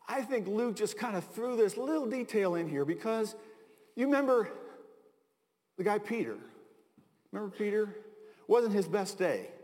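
Middle-aged American male pastor, high voice, casual storytelling sermon, hall reverb. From United States. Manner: conversational storytelling with asides and chuckles. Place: large hall.

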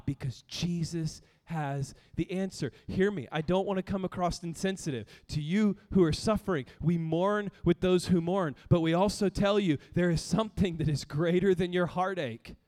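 A male pastor preaching a sermon, telling stories with laughter and sudden bursts of shouting, in a long-echoing hall. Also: high voice.

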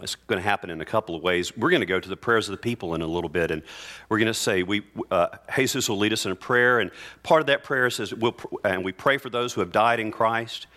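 A male pastor preaching earnestly in church, reading scripture aloud with slow, emphatic phrases. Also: lowish voice, sharp tone. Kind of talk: sermon.

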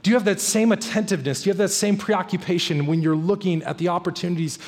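Brief: male pastor, high voice, emphatic preaching that repeats lines, long hall echo. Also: quick pace, darkish tone. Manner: emphatic, repeats key phrases. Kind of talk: sermon.

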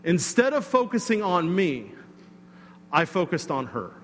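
Animated preaching man in a hall. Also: high voice, measured pace, slight background noise. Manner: conversational and animated, with fillers and asides to the congregation. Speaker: pastor. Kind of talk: sermon with a personal story.

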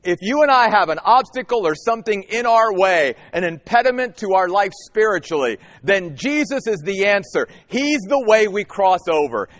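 A man preaching a sermon as a pastor, emphatic and animated, with dramatic pauses. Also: sits high. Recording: long hall reverb.

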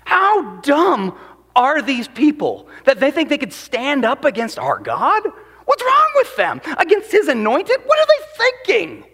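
A man's voice: extremely high pitch, huge pitch swings, measured pace, fairly bright tone, in a large hall, pitched above the performer's own voice, heavily acted. A man voicing the psalm's narrator, scoffing in disbelief at foolish people. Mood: scornful. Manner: derisive, incredulous questioning. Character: incredulous psalm narrator, scornful.

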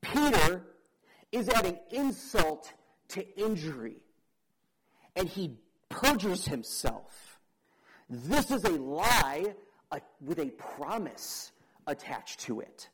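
Expressive male preacher, slow and higher-pitched. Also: slightly rough, low-quality recording. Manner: dramatic, swings from loud emphasis to quiet; asks the audience questions. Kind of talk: sermon.

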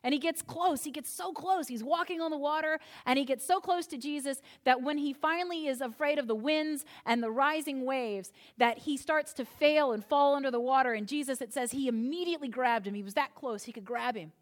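A woman's voice: sits high, a little fast, hardly any pauses. A woman pastor giving a sermon, telling a story with humor and acting out its voices.

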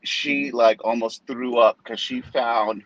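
A man's voice: medium pitch, takes it slowly, dull audio, slight background noise. A male pastor in his forties telling a story in casual chat, acting out the voices of the people in it. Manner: animated storyteller who acts out quoted voices.

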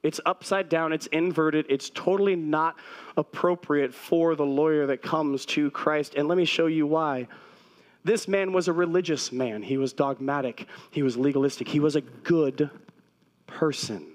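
A man's voice: fairly high pitch, moderate pace. A man preaching a sermon to a congregation in a conversational, direct way, repeating key phrases and turning to the listeners with asides. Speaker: pastor.

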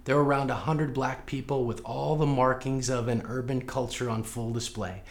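A man's voice: mid-range voice, steady tone, normal speed. A man from St. Louis preaching a sermon, telling a personal story and speaking earnestly and directly to the congregation. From United States, St. Louis. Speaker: pastor.

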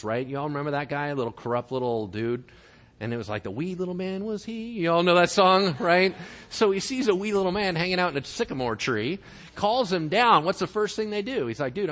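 A man's voice: on the high side, fairly bright tone. A man preaching a casual, conversational sermon to his congregation, acting out bits of dialogue as he goes. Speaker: pastor.

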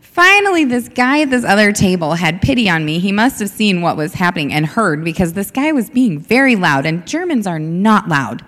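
Lively woman telling a story in a hall. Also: lowish voice, moderate pace, hardly any pauses. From United States. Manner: animated, laughing storyteller. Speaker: missionary guest. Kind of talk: telling a funny story on stage. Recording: reverberant hall.

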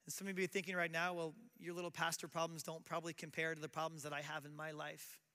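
Middle-aged male pastor, high bright voice, chatty sermon, long hall reverb. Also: little pitch movement, quick pace. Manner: conversational preaching with acted quotes.

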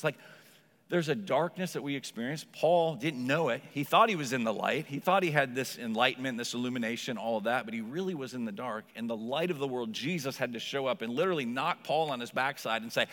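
A man's voice: on the high side, a bit bright, big-room sound. A male pastor preaching a sermon in a conversational way, with frequent asides to the congregation, in a church. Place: church sanctuary.

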